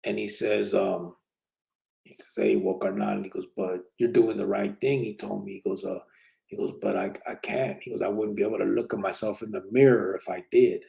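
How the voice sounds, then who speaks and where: A man's voice: on the low side, fairly even intonation, normal speed, creaky, mellow, low-quality recording. A man casually telling a personal prison story in street slang, with many restarts and "you know what I'm saying". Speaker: podcast host telling his prison story.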